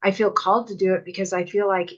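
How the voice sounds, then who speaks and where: A middle-aged woman hosts a podcast and talks openly and reflectively about her own life. Her voice sits at a mid pitch for a woman. The recording is a little dull and muffled. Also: steady tone, quick pace. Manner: reflective and open, with light laughter. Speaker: podcast host. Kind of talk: casual conversation.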